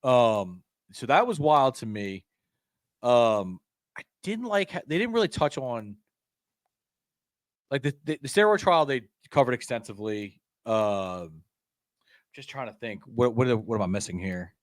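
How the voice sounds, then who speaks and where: Man, podcast co-host, easygoing chat, middle pitch, dry room. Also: animated, unhurried, no echo. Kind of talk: casual chat.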